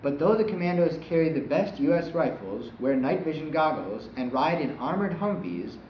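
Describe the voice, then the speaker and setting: A man reads the news as anchor of a homemade newscast, his voice slightly high for a man. The room is echoey and the sound dull and lo-fi, with faint hiss behind. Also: moderate pace. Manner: steady scripted delivery. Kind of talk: mock newscast reading. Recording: echoey dull amateur recording.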